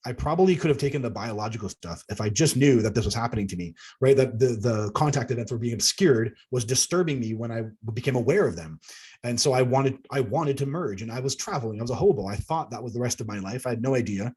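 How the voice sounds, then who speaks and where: A man reads his own memoir aloud in a husky, breathy voice at an ordinary pitch. He is earnest and steps out of the text for casual asides. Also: lively intonation, fast talker, darkish tone. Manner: earnest, breaks into laughs at himself. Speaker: author.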